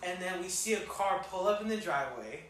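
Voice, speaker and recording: A young man telling a story on a casual podcast, slangy and animated, with plenty of swearing. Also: high voice, brisk. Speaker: podcast co-host. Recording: echoey room, mic far off, faint noise.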